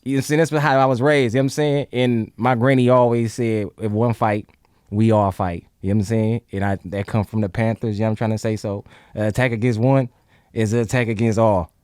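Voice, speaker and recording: A man from Oakland with a Bay Area accent, talking as a podcast guest in a fast, hyped way, filling his talk with "you know what I'm saying.". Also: lowish voice, steady tone, darkish tone, smooth, no echo, clean studio sound. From Oakland, California. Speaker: guest rapper. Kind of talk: casual podcast interview.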